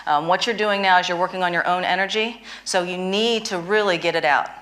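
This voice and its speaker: A woman's voice: on the low side, a little fast, a bit bright. A woman interviewing a guest and teaching a tapping technique, emphatic and prone to repeating phrases for stress. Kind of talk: instructional conversation.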